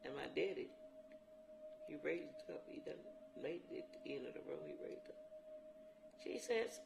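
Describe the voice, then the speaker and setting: Gravelly older woman recounting. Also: lowish voice, expressive, measured pace, long pauses. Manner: dialect speech with emphatic repetition. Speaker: interviewee. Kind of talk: personal testimony. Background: music.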